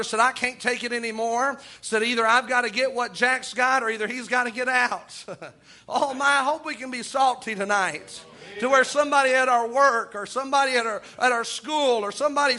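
A man's voice: extremely high pitch, bright, forceful tone. A man preaching a sermon in a folksy storytelling way, often chuckling and repeating "oh my".

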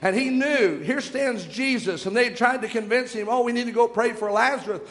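A man's voice: extremely high pitch, normal speed, a bit bright, big-room sound. A young man preaching a sermon, retelling scripture stories with dramatic shifts in pace.

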